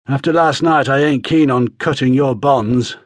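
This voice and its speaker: A male narrator playing a grey-haired jail guard who talks gruffly and curtly. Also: medium pitch, unhurried, no room sound, lightly acted. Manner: gruff, dry and curt.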